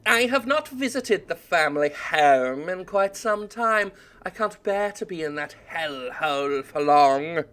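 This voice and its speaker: A smug, scheming young heir, read out by a man in a game, sinister in a dry and understated way. The tone is bright and a little raised. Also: fairly high pitch, lively intonation, a little slow, hardly any pauses, clear, resonant tone. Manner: dry reading with a slight sinister air.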